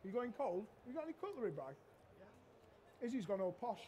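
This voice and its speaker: High-voiced cheeky chef. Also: male voice, expressive, normal speed, a little hiss or hum. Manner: cheeky, loud-mouthed joker. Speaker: chef giving a cooking demonstration. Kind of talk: live cooking demo with banter. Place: demo stage at a trade show.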